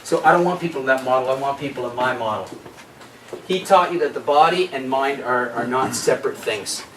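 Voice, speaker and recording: A man giving a health workshop, talking lively and asking the audience questions. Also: mid-range voice, fairly quick, noisy background. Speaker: workshop presenter. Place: workshop room. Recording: echoey room, distant mic.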